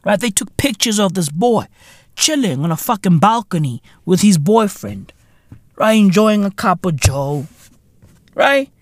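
Male podcast host, slow-paced, animated and exasperated, cursing and sarcastic. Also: sits high, no room sound, clean studio sound. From South Africa. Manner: profane, sarcastic, exasperated ranting with slang. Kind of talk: solo podcast commentary rant.

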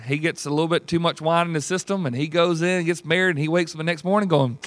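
A man, leading a Bible study as pastor in a folksy, animated teaching style and acting out voices. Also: on the high side, quick pace, dry recording. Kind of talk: teaching sermon with group discussion.

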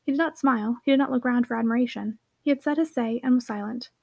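A woman reading a classic novel aloud as audiobook narrator in a clear, even storytelling voice. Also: a little high, fast talker, dry recording.

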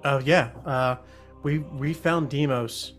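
A man at a tabletop game, speaking in character with an earnest, pleading push. His voice sits mid-pitched and plain. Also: faint music behind. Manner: earnest, pleading, quick to laugh. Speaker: player.

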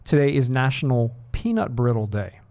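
Guy dj on rock radio, rambly and chatty, pokes fun at himself, mid-pitched voice, studio mic. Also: lively intonation, moderate pace, gravelly, dark tone. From Boston area. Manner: rambling, self-deprecating, chatty asides. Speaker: radio DJ host. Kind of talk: casual on-air chat.

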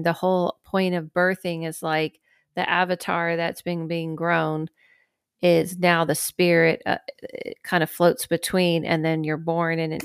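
Woman, podcast host, low smooth voice, dry close sound, casual rambling chat. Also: no room sound. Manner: rambling, filler-heavy talk with lively acted-out quotes.

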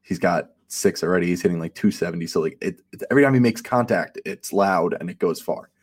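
A man co-hosting a casual sports chat, relaxed and analytical, with many fillers like um and you know. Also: deep voice, quick pace, slightly rough. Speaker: podcast co-host and fantasy analyst.

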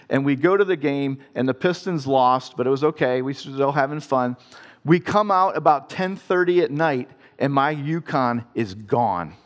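A man from Ohio telling a personal story in a conversational way and turning it into an earnest devotional talk. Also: fairly high pitch. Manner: earnest, conversational storytelling with self-deprecating laughs. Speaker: father telling a faith story.

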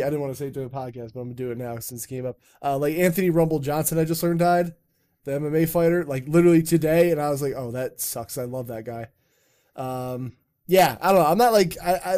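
A man's voice: on the high side, mellow. Loose, rambling man on a podcast. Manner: rambling, swearing, loose and jokey. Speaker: podcast host. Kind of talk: casual chat.

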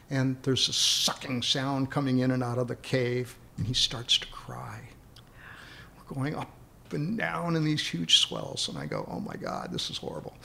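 A man's voice: medium pitch, creaky, a bit bright. A man casually telling a long anecdote in a rambling way, often repeating words as he starts a thought. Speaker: guest storyteller.

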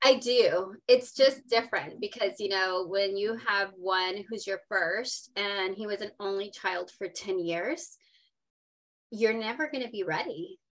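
A woman's voice: medium pitch, measured pace. Emotional, earnest woman guest. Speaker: podcast guest. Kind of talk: casual interview chat.

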